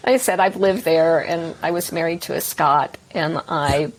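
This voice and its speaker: A woman's voice: low-pitched, moderate pace. A woman from north of Dallas with a Texan accent, answering interview questions as an author in a modest, self-deprecating way. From Texas, north of Dallas. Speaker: author guest.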